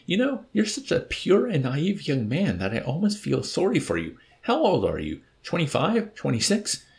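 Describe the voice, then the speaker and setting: A man's voice: a little high, wildly swooping pitch, moderate pace, gravelly, darkish tone, pitched above the performer's own voice, exaggerated voice. A man voicing a suave, mocking villainous old man in an audiobook. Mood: wry. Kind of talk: audiobook character voice.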